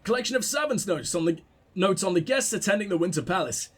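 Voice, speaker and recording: A young man with a high voice reads in-game letters aloud as he plays, breaking off now and then for casual, swear-laden comments. His delivery stays loose and conversational. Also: lively intonation, fast talker. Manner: casual, profane asides between readings. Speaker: gameplay commentator. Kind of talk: reading in-game letters aloud while playing.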